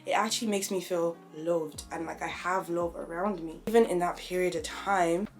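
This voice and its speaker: A woman's voice: fairly low pitch, fairly even intonation, normal speed, soft background music. A young woman, talking openly and reflectively in a personal vlog. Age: young adult. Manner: open, conversational, reflective. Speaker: vlogger.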